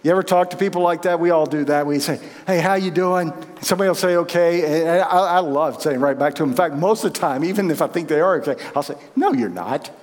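A man preaching a sermon, earnest and emphatic, building to peaks and dropping to soft intensity. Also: a little high, quick pace, hardly any pauses. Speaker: pastor. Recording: long hall reverb.

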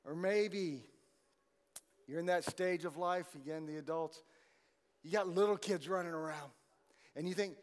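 Man, pastor, high voice, chatty joking sermon, church hall, long reverb. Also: a little slow, pauses often. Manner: conversational, joking asides to the congregation.

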